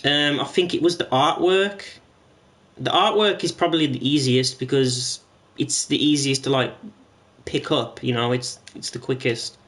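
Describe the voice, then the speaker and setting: A man with a medium-pitched, slightly bright voice speaks at normal speed while streaming a game. He chats casually with viewers, rambling and swearing now and then.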